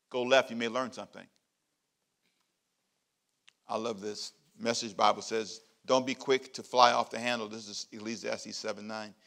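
A middle-aged man, a pastor, preaching a sermon with emphatic repeated phrases and big swings in loudness. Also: medium pitch.

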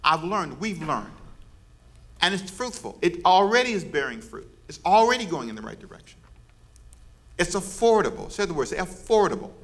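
A pastor preaching to a church congregation, with a voice that sits a little high for a man. He leads call and response and teases the crowd in a playful way. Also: big pitch swings, normal speed, fairly bright tone. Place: church service before a congregation.

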